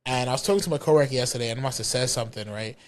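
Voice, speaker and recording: A man with a mixed Bermudian and British accent co-hosting a podcast, telling stories in animated, casual chat with free swearing. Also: mid-range voice, very fast. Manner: animated storyteller, swears freely. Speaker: podcast co-host.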